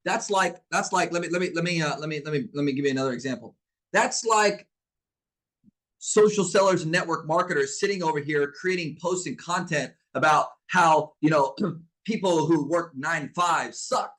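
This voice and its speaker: A man's voice: a little high, moderate pace, poor audio. A middle-aged man coaching a live online masterclass, blunt and emphatic, calling on viewers to answer back like a preacher. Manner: energetic, preacher-like call-and-response; blunt and emphatic, repeats himself. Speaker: business coach.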